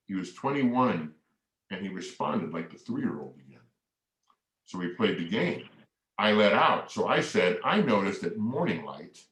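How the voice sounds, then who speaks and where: Middle-aged male keynote storyteller, slightly low voice, heard from a distance in a roomy hall. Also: a bit bright. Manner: acts out both sides of remembered dialogue. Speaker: keynote speaker. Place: large hall. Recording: echoey hall, mic far off.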